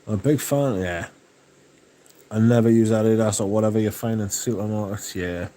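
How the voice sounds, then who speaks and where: A man hosting a livestream, chatting casually and reading out viewer comments, relaxed and enthusiastic with plenty of swearing. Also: on the low side, normal speed. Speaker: livestream host.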